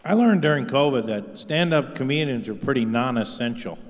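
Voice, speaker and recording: A middle-aged man with a mid-range, animated voice talks at normal speed through a crude, profane comedy set, punching up and mocking each line. He's onstage before a live audience in a large venue, and the live stage mix has hall reverb.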